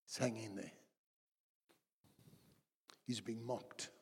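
A man preaching a sermon as pastor, dramatic, slowing for quotes and quickening in anecdotes. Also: fairly low pitch, fairly even intonation. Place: church hall. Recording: husky voice in a long-reverb church hall.

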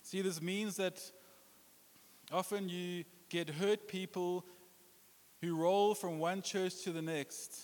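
Pausing often at a slow pace, the pastor speaks in a high, steady, slightly mellow voice. His sermon is playful and full of jokes, with put-on voices and accents for quotations. The congregation sits in a church hall where the sound echoes with long reverb.

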